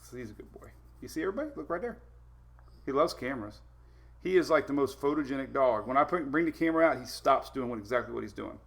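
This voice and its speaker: A man's voice: mid-range voice, animated, fast talker, gravelly. A man hosting a casual weather live stream, chatty, laughing often and talking to his dogs between updates.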